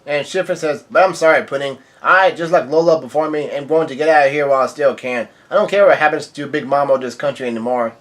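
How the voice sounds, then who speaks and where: A man's voice: fairly high pitch, fast talker, hardly any pauses, fairly bright tone. A man casually reading comic dialogue aloud, often stumbling and correcting himself, with surprised outbursts. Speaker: manga reaction reader.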